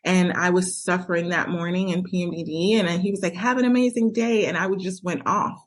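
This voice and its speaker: Her voice sits low and level, and she talks a little quickly. On her podcast she draws frankly on her own life, performing quoted arguments as she coaches her listeners through a personal, advice-giving monologue.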